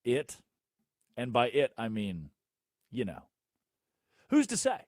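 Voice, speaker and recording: A man hosting a solo sports talk show, ranting sarcastically and swinging between loud outbursts and low mutters. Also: wildly swooping pitch, takes it slowly, no room sound, clean studio sound. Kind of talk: solo sports radio rant.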